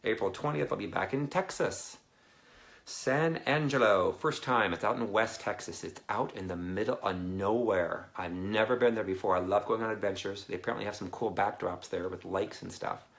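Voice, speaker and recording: A man's voice: fairly low pitch, moderate pace, gravelly. A man hosting a casual livestream as a minister, chatty and rambling, reading out viewer comments. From Canada. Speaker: deliverance minister and livestream host.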